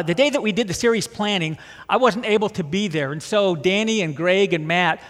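A man's voice: high-pitched, a bit bright. A man preaching a sermon in a conversational, self-deprecating way with dry jokes. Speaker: pastor. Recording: long hall reverb.

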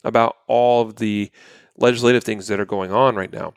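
A man's voice: lowish voice, normal speed, vocal fry, clear, resonant tone, dry recording, clean studio sound. A man co-hosting a podcast, chatting casually through the news with plenty of fillers. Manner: relaxed, many fillers. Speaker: podcast co-host.

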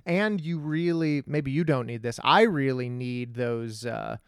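A man, a comedian, rambling in casual podcast chat, self-deprecating and animated when telling stories. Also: mid-range voice, unhurried, clean tone, dry recording, clean studio sound.

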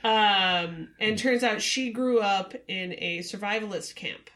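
A woman with a bright, forceful voice chats casually as a podcast co-host. She swears freely and laughs often. Her voice is pitched in the middle for a woman. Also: takes it slowly, slight background noise. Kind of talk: casual chat.

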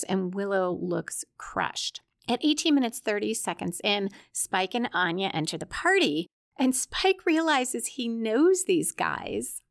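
A woman's voice: fairly high pitch, no room sound, studio quality. A woman hosting a podcast, recapping a television episode in casual narration with wry, chatty asides. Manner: wry, chatty asides while reading quotes aloud.

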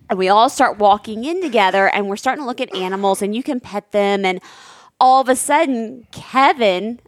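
A woman's voice: medium pitch, no room sound, clean studio sound. A woman in her thirties co-hosting a podcast, telling a family story with animation and frequent laughter. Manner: animated, laughs often, acts out quoted lines. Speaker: podcast co-host. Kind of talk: casual chat, storytelling.

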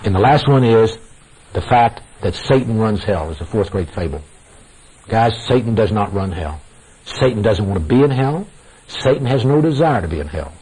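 A man with a low, dark, husky voice gives a sermon at a moderate pace, his intonation lively. He addresses the congregation as "guys" and hammers home phrases through repetition, all coming through a lo-fi radio broadcast.

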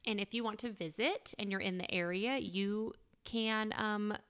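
A woman co-hosting a podcast, chatting casually in a relaxed, slightly hesitant way. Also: mid-range voice, measured pace, clean tone. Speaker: podcast co-host. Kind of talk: casual chat.

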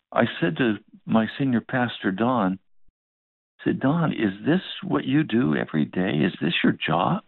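A man's voice: lowish voice, creaky, dry recording. A male pastor preaching a sermon, telling a story and acting out both sides of the dialogue. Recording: dry, phone-like narrow sound.

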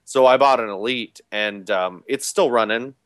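A man's voice: mid-range voice, moderate pace, a bit bright, no echo. A man co-hosting a podcast in casual chat, telling a rambling story with many restarts. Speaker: podcast co-host. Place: home with a game playing in the background.

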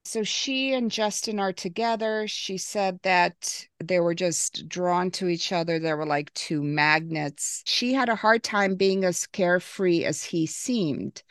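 A woman's voice: on the low side, a little slow, hardly any pauses, clean tone, no room sound, clean studio sound. A woman hosting a podcast, casually recapping a memoir and reading quotes aloud. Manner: recaps and reads quotes, laughs easily. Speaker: podcast host. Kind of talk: casual book-club chat.

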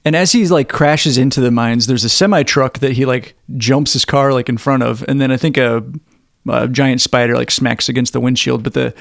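A man's voice: mid-range voice, steady tone, normal speed, creaky, no echo, studio quality. A man co-hosting a podcast, recapping a movie in easygoing chat and acting out lines with a laugh. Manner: easygoing, laughs a lot, acts out lines from the film. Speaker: podcast co-host.

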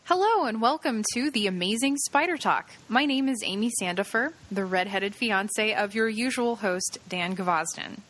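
A woman co-hosting a casual podcast chat, playful and quick to laugh at her own slips. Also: medium pitch, animated, a bit bright, slight background noise. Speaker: guest co-host.

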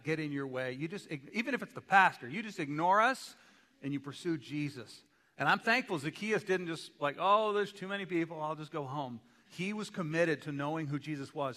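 A man's voice: on the high side, pushed and bright. A male pastor preaching a sermon in a church, conversational and dropping joking asides. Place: church sanctuary. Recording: long church hall reverb.

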